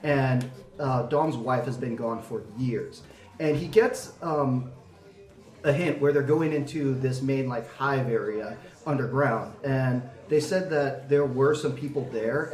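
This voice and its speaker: A man's voice: mid-range voice, darkish tone. A young adult man in casual podcast chat, telling a story earnestly with many fillers. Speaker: podcast panelist. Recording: roomy, from a distance.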